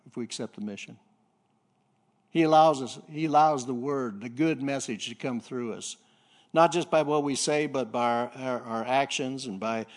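A man preaching a sermon, telling a story with halting repeats and throat clearing, then climbing to loud excited peaks. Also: mid-range voice.

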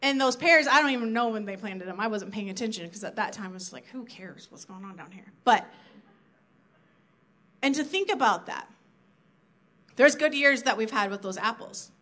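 A woman's voice: fairly high pitch, lively intonation, moderate pace, long pauses, fairly bright tone. A woman from South Dakota giving an earnest, conversational sermon to her church, acting out her own inner thoughts as she goes. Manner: earnest, conversational preaching with acted-out inner quotes. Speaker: church speaker.

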